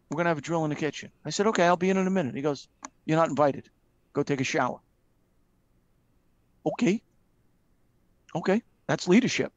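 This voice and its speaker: A middle-aged man, a retired fire captain, tells anecdotes in a slightly raised voice, acting out the lines of the people in them. He pauses on frequent ums, and his voice sounds dry and close. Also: fairly high pitch, dry recording, highs cut off. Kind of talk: casual storytelling in a live video chat.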